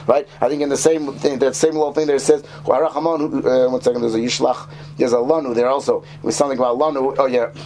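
A man's voice: medium pitch, darkish tone, a little hiss or hum. A man teaching a short informal lesson to a class, rambling and correcting himself as he goes and quizzing his listeners. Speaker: Torah teacher.

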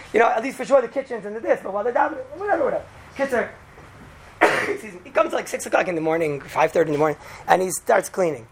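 Rambling man telling a story, noisy recording. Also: high-pitched. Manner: rambling, animated, full of "right?" asides. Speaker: religious speaker to a group. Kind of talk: informal storytelling talk. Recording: noisy background hiss.

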